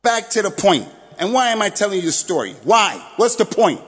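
A man giving a Friday sermon as imam, telling a story with animated delivery, breaking into shouted exhortations and quick Quran recitation. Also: high voice, husky. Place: mosque prayer hall. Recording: long hall reverb.

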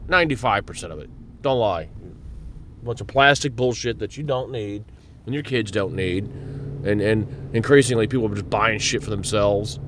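A man's voice: moderate pace, fairly bright tone. A man giving a blunt, profane, rambling monologue while driving his car. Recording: car road noise behind. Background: road rumble.

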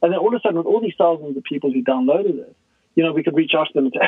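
A man's voice: a little high, very fast, no echo. Man on a tinny phone line, storytelling. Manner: animated storyteller who acts out quoted dialogue. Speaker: guest expert. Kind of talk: conversational podcast explanation.

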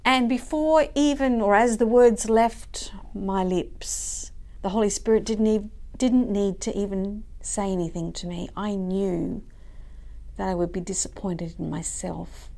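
A woman sharing a personal reflection and then leading a heartfelt spoken prayer, earnest and soft, sometimes dropping to a hushed whisper. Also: medium pitch, steady tone, unhurried, creaky. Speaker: prayer leader. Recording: faint music behind.

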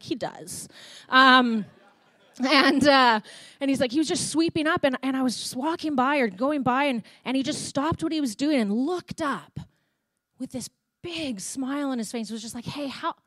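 A woman's voice: high-pitched, animated, moderate pace, fairly bright tone, no echo. Chatty Canadian woman preaching a sermon. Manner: chatty storytelling, reenacting conversations. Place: church.

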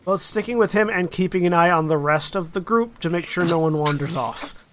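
A man's voice: high-pitched, brisk, a crowd in the background. A man playing a tabletop role-playing game in casual talk with the group. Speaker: player.

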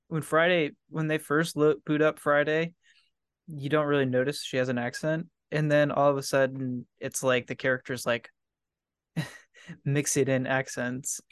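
A man's voice: fairly high pitch, a bit bright, clear, resonant tone, dry recording. A man chatting casually as a podcast guest, rambling and laughing often. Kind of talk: casual chat.

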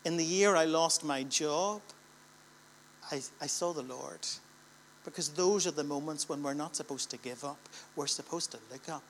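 A man's voice: fairly high pitch, normal speed, slight background noise. Northern irish guy preaching in church, middle-aged, stacks up repeated lines and punches them hard. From Northern Ireland. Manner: rhetorical, building repetition with emphatic swells. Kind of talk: sermon. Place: church gathering.

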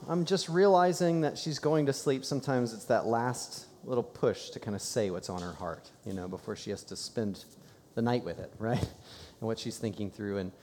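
A man's voice: medium pitch, a little mellow, in a large hall. A man preaching a sermon in a church, telling a personal story in a conversational way. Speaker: pastor. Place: church sanctuary.

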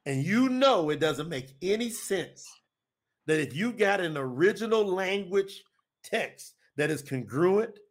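Animated preacher man. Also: high-pitched, unhurried. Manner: animated, folksy, repetitive. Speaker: preacher and co-host. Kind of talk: preaching talk to an audience.

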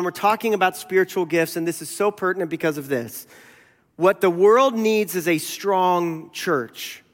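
Man preaching in an echoing church. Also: a little high. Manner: conversational storytelling preaching. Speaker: pastor. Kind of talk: sermon. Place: church sanctuary. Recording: long hall reverb.

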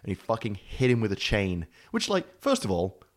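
A man with a low voice telling a story in casual chat, rambling, swearing freely and laughing often. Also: huge pitch swings, normal speed. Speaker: podcast co-host telling a story.

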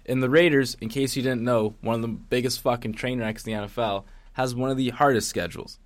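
A man co-hosting a casual sports chat, ranting with heavy sarcasm and frequent swearing. His voice sits at an ordinary pitch, recorded close and dry with no room sound. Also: steady tone, a little fast, no room sound. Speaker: podcast co-host.

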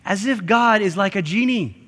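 A man delivers a sermon in a high, bright voice. He is animated and acts out quoted voices with sudden leaps in pitch, and the sound carries a long echo from a large hall. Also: moderate pace. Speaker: pastor. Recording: live church hall reverb.

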